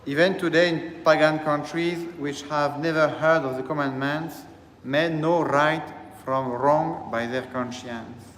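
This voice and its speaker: A man who serves as a priest, delivering a slow, deliberate teaching sermon and repeating phrases as he explains. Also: on the high side, steady tone, a bit bright, slight background noise. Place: church. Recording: echoey church hall, faint ambience.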